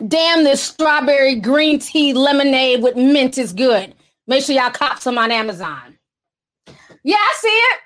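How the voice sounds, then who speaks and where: Sassy high-voiced woman streamer. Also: expressive, measured pace, fairly bright tone. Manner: sassy, laughing, talks straight to viewers. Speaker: commentary streamer. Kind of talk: sassy livestream commentary.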